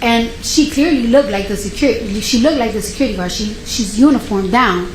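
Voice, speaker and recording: A woman testifying as a witness in court, telling her story in an animated way and acting out what people said. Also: a little high, a little fast. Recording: echoey courtroom, faint noise.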